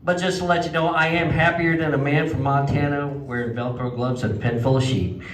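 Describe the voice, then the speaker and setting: A man doing a stand-up comedy set at a legion hall, telling folksy stories and jumping to a high voice for quoted outbursts. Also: fairly even intonation, a little fast, fairly bright tone, a little hiss or hum. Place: legion hall stage before a live audience. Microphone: handheld microphone, picked up from some distance. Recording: echoey hall, mic at a distance.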